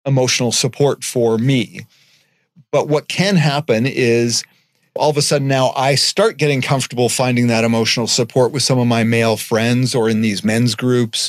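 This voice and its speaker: Earnest guy chatting on a podcast, mid pitch, dry close sound, swears casually. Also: no room sound. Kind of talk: casual conversation.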